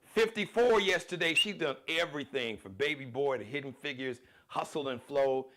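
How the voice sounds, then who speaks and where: A man hosting a live talk show, giving animated, slangy, opinionated commentary. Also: fairly high pitch, moderate pace.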